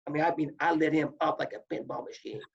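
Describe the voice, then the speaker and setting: A man, a former wrestler and coach, telling stories in casual chat, animated and acting out the people he quotes. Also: a little high, quick pace, creaky, slightly rough. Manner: animated, acts out quoted voices, repeats words. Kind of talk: casual storytelling. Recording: muffled lo-fi audio.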